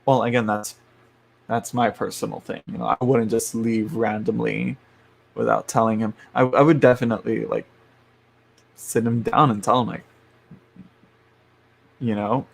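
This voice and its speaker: A man's voice: fairly low pitch, fairly even intonation, normal speed, gravelly, long pauses, breathy edge. Chatty man giving a live tarot reading. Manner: chatty, frank, laughs often, drops to murmurs when checking things. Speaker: tarot reader.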